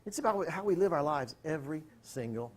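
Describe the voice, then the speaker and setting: Man telling a lively story, fairly high voice. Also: a little fast. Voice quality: animated, acts out quotes. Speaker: speaker. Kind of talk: storytelling talk.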